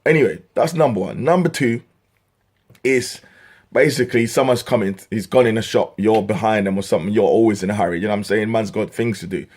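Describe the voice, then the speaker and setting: A man's voice: on the low side, fairly quick, a little mellow, husky. A young man from England ranting to camera in an exasperated, swearing comic style, his voice jumping up when worked up. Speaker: vlogger.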